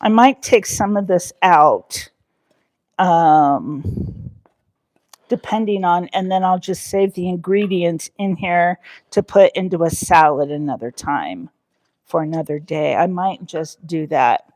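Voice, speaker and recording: A woman's voice: lowish voice, slow, darkish tone. A woman hosting a live cooking stream from her home kitchen, chatting loosely with her viewers as she works. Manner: chatty, rambling, talks to viewers in chat. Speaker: cooking livestream host. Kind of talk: casual live cooking chat.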